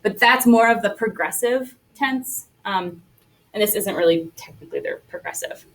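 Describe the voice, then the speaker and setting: A woman teaches a Spanish class, upbeat and coaxing as she takes students through repetition drills. Her voice is mid-range at a moderate pace, captured in a low-quality recording from a distant mic.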